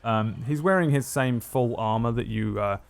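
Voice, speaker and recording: A man narrating a tabletop game as game master, describing scenes with frequent pauses. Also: medium pitch, gravelly.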